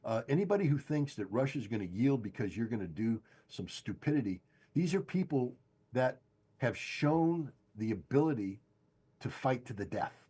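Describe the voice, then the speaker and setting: An older man giving forceful, insistent political commentary as a guest, hammering home his points by repeating them. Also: medium pitch, lively intonation, normal speed, husky. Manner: emphatic, insistent, repeats key phrases. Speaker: guest analyst. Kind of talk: political commentary on a podcast stream.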